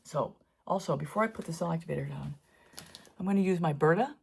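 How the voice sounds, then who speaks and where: A woman's voice: low-pitched, fast talker, creaky, slight background noise. A middle-aged woman talking her way through a painting tutorial in a chatty, wandering way, with asides while she works. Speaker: fluid art painter teaching. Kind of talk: casual painting tutorial narration.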